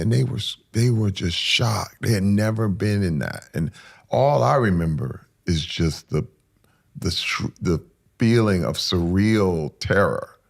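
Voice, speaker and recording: A middle-aged man with a very deep, gravelly and husky voice recounts a painful personal story as an interview guest. He swings from hushed, whispered lines to sudden loud outbursts, speaking with raw intensity.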